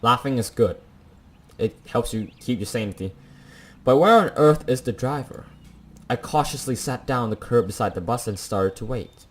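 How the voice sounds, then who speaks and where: Young guy doing a let's play, reads the game text out loud, jokey asides, normal pitch. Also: lively intonation, normal speed. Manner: jokey asides between dramatic read lines. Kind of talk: reading a visual novel aloud with commentary.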